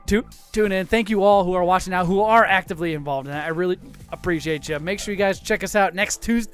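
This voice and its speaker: A man's voice: sits high, quick pace, clean tone, soft background music. A man hosting a live podcast stream, joking and swearing loosely while he has the hiccups. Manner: loose, profane, joking, winding down the show. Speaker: podcast host. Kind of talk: casual live-stream chat.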